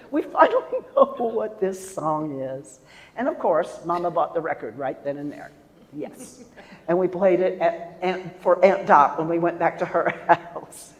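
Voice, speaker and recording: A woman in her seventies telling a personal story on stage, animated and acting out the voices of the people in it. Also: lowish voice. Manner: animated, acts out voices and sings snippets. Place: festival stage in a hall. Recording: long hall reverb.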